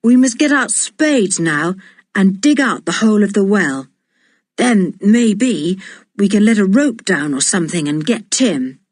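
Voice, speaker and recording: A woman voicing a sensible boy who takes charge of the other children, explaining things in a raised, excited voice. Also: medium pitch, a little slow, no room sound, studio quality. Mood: decisive.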